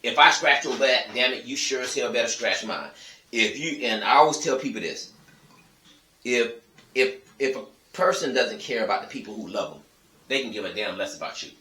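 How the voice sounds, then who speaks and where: Man vlogger, blunt and profane, bright tense edge, a bit far off the mic. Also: medium pitch, expressive, normal speed, roomy sound. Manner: blunt, profane, emphatic ranting to viewers. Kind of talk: casual storytelling monologue.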